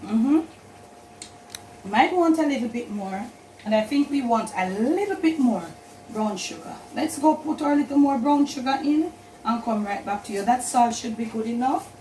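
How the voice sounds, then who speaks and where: Speaking at a normal pace with a warm, animated voice on the high side, a woman with a Jamaican accent cooks in her kitchen for her channel. She chats and instructs, repeating "and all of that" as she explains each step in this casual demo. A little hiss or hum comes through the low-quality recording.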